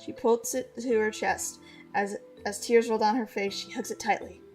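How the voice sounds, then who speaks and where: A woman reading her old fantasy novel aloud on a livestream, animated, with casual asides. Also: a little high, moderate pace, faint music behind.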